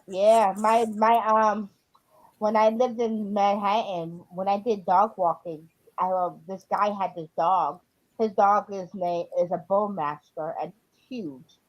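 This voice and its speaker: A woman's voice: mid-range voice, steady tone, slow pace. A woman chatting casually on a livestream, rambling a bit with fillers as she tells dog stories. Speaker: livestream co-host. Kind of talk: casual chat. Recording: dull lo-fi audio.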